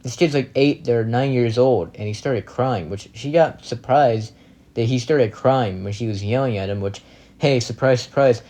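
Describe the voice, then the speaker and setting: A young man reacting to clips in a casual, rambling commentary. He is blunt, swears constantly and sounds indignant, with a mellow, darker tone at an ordinary pitch. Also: normal speed.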